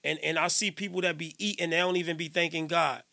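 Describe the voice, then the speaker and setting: Middle-aged male radio host, high gravelly voice, emphatic preachy rambling, dry close sound. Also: steady tone, fast, no echo. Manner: emphatic, repetitive, swings loud and soft. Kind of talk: casual preachy monologue. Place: radio station studio.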